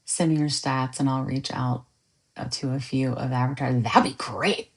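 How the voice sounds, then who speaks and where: A woman's voice: extremely low pitch, normal speed, breathy edge. A woman podcast host chatting casually with viewers on a live stream, joking and laughing often. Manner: animated, laughs often, jokey asides.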